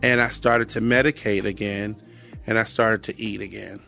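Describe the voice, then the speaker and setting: A man's voice: lowish voice, level tone, normal speed, creaky, bright, forceful tone, soft background music. Earnest American man giving testimony. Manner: earnest and reflective, with repeated phrases. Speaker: guest sharing his testimony. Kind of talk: personal testimony talk.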